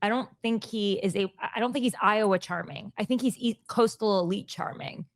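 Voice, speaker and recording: A woman hosting a casual political chat, blunt and sarcastic with quick asides. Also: mid-range voice, creaky. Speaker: podcast host.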